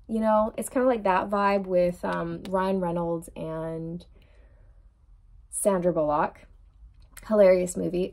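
A woman's voice: mid-range voice, a little mellow. A young adult woman giving a chatty tarot reading straight to her viewer, laughing often and calling her girl. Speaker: tarot reader.

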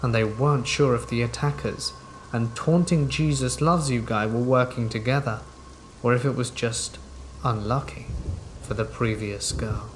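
A man's voice: mid-range voice, slight background noise, poor audio. Man narrating horror over rain. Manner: measured, steady storytelling. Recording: rain sounds under the narration.

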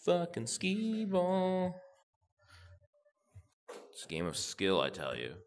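Deep-voiced, swearing gamer man. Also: fairly quick. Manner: profane, excitable, talks to himself while playing. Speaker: gamer channel host. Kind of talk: gameplay commentary.

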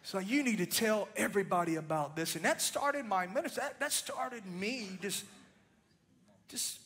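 Male preacher, impassioned storytelling, very high voice, bright forceful tone. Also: moderate pace. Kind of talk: sermon.

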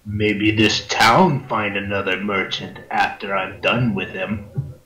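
Kronk, a man doing a slow growling brute. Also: fairly low pitch, steady tone, sharp tone. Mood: menacing. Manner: growling, broken grammar, slow and menacing. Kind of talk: tabletop role-play. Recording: roomy echo.

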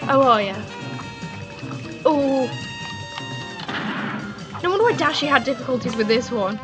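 A young woman commentating a video game as she plays, excitable and swearing, with loud outbursts. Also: high voice, unhurried, over loud music, low-quality recording. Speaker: gaming streamer. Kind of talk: let's play commentary. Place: home room.

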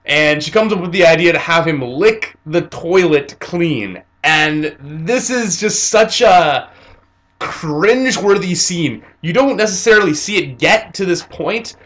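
A man's voice: a little high, unhurried. Young man chatting through an anime review. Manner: animated retelling with fillers and laughs. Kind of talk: casual episode review.

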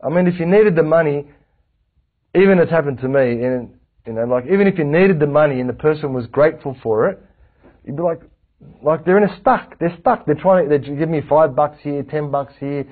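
A man giving a casual religious class, lively and animated, acting out little anecdotes. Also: fairly high pitch, a little fast. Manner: lively, animated, acts out anecdotes, frequent restarts. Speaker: religious teacher. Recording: tinny phone-like lo-fi recording.

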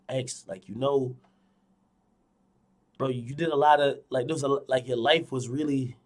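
A young man streaming, telling a dream to his viewers in a casual, animated way, swinging from loud to hushed, repeating phrases and swearing a lot. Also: medium pitch. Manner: frequent fillers and profanity. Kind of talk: casual storytelling to a live audience.

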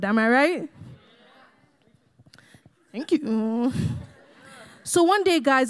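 A young Nigerian woman giving a lively testimony talk, laughing often and acting out conversations as she speaks to the audience. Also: on the high side, clear, resonant tone. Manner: animated storyteller, laughs often, acts out dialogue, talks to the crowd as "guys". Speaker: guest speaker sharing a testimony. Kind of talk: sermon-style personal testimony.

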